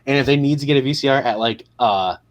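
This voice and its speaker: A man's voice: medium pitch, fast. A man co-hosting a podcast, chiming in with laid-back, agreeable banter. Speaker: podcast co-host. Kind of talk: casual chat.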